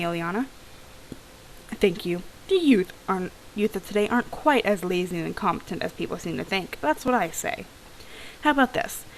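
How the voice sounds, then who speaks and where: A woman's voice: medium pitch, a little hiss or hum, natural voice, low-quality recording. Grumpy old engineer, as a woman reads him. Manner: gruff, muttering, old-fashioned complaints. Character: grumpy older engineer grumbling about gadgets. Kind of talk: reading game dialogue aloud.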